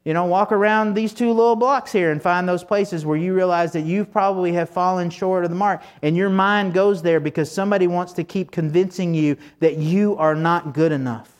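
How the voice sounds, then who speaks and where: A man's voice: sits high, fairly even intonation, normal speed, hardly any pauses. A man preaching a sermon in a conversational, folksy way, full of fillers and restarts. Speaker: pastor.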